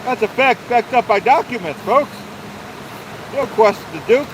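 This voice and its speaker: A man livestreaming on a phone outdoors by a waterfall, with a high voice. He is pompous and mock-authoritarian, refers to himself in the third person and hammers the same points again and again. A faint outdoor hiss runs underneath. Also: lively intonation, moderate pace. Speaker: livestream host. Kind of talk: live-streamed rant reading chat.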